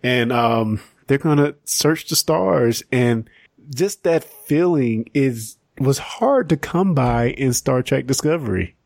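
A man hosting a podcast in casual chat, animated and chatty with many restarts and fillers. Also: medium pitch, slow, creaky, no echo, studio quality. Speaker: podcast host.

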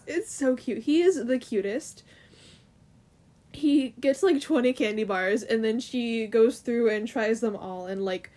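A young woman talks through a comic's story in a relaxed, rambling way. Her voice sits a little high, and she leans on "like" and "um" as she goes. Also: unhurried. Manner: chatty, rambling, filler-heavy. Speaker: co-host. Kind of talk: casual chat retelling a comic's plot.

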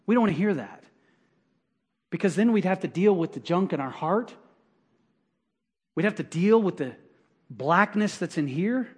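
A man's voice: high voice, lively intonation, normal speed, long pauses, slightly rough. A middle-aged man preaching a sermon as pastor, talking conversationally with repetition and acted quotes.

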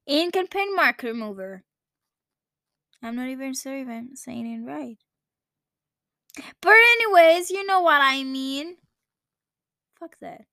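A woman's voice: high-pitched, animated, slow pace, long pauses, bright, forceful tone, dry recording, studio quality. A woman in her twenties with a Greek accent, telling a personal story in English and often stopping to search for the right words. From Greece. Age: 20s. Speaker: vlogger.

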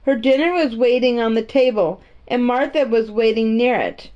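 A woman's voice: on the high side, moderate pace, few pauses, dark tone. Woman reading a storytime aloud. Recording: muffled lo-fi recording.

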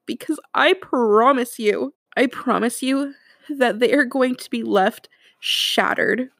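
A woman's voice: on the high side, vocal fry, no echo, clean studio sound. A young woman hosting a solo podcast, tearful and earnest, laughing through her tears as she speaks. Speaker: podcast host.

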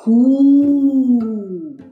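A woman's voice: a little high, expressive, echoey room, narrow, tinny audio, faint music behind, pitched above the performer's own voice. A woman voicing a creepy tentacled male monster with an icy, hissing voice. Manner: hissing, very slow.

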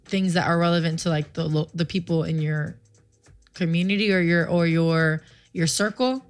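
A woman's voice: on the low side, steady tone, moderate pace, clean tone, faint music behind. Goofy, teasing young woman host. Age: 20s. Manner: goofy and teasing, often laughing it off. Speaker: show host. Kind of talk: casual talk show chat. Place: live-streamed studio.

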